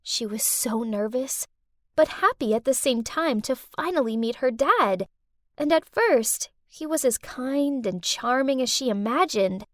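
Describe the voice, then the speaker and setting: Wide-eyed and lively, a young woman narrates an animated story in the first person, taking her time. Her high voice swoops up and down with plenty of expression. The recording is dry and close.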